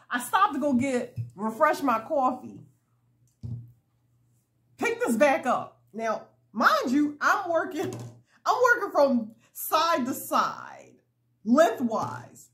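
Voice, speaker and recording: A woman hosts a crochet video from home, chatting casually and giggling often as she works, telling stories animatedly. Her voice sits high and she speaks slowly. Soft lo-fi hip-hop plays in the background.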